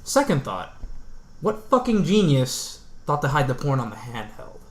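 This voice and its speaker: Guy telling a story on a podcast, voice bounces up and down a lot, relaxed. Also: medium pitch, normal speed. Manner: laid-back, lively storyteller. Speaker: podcast co-host. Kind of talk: casual storytelling.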